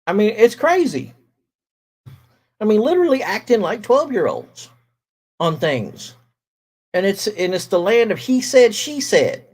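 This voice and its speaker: A middle-aged man, hosting a casual livestream, talking slowly with many fillers as he greets viewers in chat. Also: high voice, big pitch swings, breathy edge, poor audio. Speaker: livestream host reading chat.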